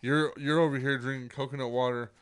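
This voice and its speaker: A man of average pitch hosts a loose podcast conversation. He backs his guest with quick, profane asides and easy reactions. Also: fairly even intonation, a bit bright, smooth. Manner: laid-back, profane, short reactions and laughs. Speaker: podcast host. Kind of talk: casual chat.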